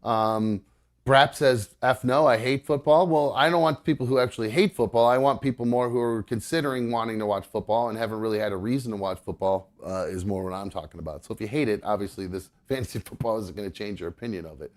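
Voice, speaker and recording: A man's voice: on the low side, quick pace. Man, podcast co-host, casual chat, rambling, filler words, home setup. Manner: rambling, many ums and uhs, laughs easily. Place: home with pets around.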